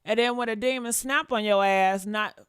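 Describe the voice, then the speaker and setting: A woman's voice: medium pitch, normal speed, clean tone, no echo, clean studio sound. A woman doing reaction commentary on a livestream, blunt and profane, repeating her points and talking straight to her viewers. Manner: talks straight to her chat, asks for likes.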